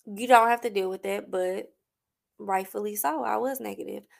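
Gravelly-voiced woman sharing her story. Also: medium pitch, normal speed. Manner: candid, heartfelt, emphatic repetition. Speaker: podcast host. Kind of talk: personal storytelling talk.

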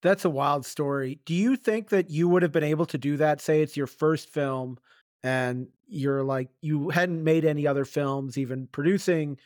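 A man's voice: fairly high pitch, moderate pace, a little mellow, no echo, clean studio sound. A man hosting a podcast, asking eager follow-up questions. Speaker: podcast host. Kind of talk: interview questions.

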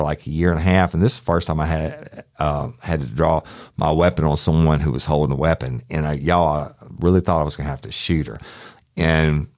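A man's voice: extremely low pitch, no echo, studio quality. A middle-aged man, a former deputy, rambling through a profane true-crime story and acting out the quotes. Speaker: podcast host, former sheriff's deputy.

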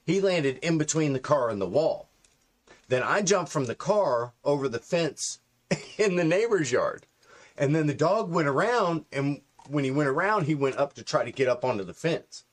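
A man in his forties, a podcast co-host telling profane, animated stories in casual comedic chat. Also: fairly high pitch, normal speed. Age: 40s.

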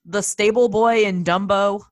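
A woman's voice: medium pitch, steady tone, a little slow. A young woman co-hosting a movie podcast, wry and thoughtful with dry humor. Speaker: podcast co-host. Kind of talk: casual movie chat.

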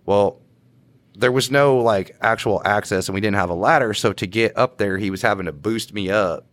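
Deep-voiced man telling stories. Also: moderate pace, fairly bright tone, no echo. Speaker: podcast co-host, police officer. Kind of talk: casual storytelling.

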